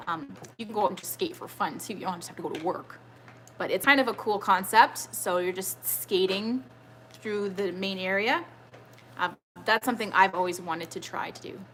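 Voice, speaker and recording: Woman, thirties, bright tone, chatty, rambling, live-stream trivia host, home setting. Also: mid-range voice, a little hiss or hum. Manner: chatty, rambling, reads viewer comments aloud. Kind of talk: casual live-stream chat. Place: home with children nearby.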